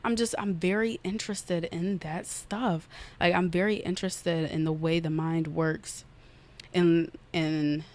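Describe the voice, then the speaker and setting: A young woman hosting a casual podcast, retelling a story in an animated, fast way and acting out her own outbursts, recorded on an iPad. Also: on the low side. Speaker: podcast host. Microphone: iPad on an unsteady stand.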